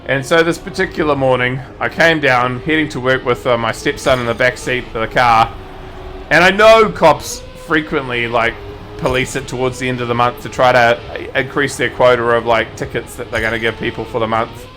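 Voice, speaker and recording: A man's voice: medium pitch, moderate pace, bright, forceful tone, a little hiss or hum. A man with a New Zealand accent, a game streamer telling a rambling anecdote casually, swearing now and then and correcting himself as he goes. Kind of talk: casual storytelling while gaming.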